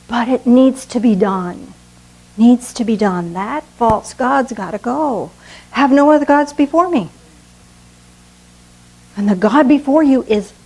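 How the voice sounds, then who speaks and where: Slow, earnest woman preaching. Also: fairly high pitch, a little mellow, husky, low-quality recording. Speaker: pastor. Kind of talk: sermon.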